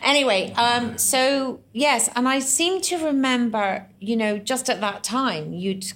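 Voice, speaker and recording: A woman from Scotland in casual chat, telling stories in a lively, self-mocking way. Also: on the high side, measured pace, slight background noise. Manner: chatty, self-mocking, lively storytelling with put-on voices.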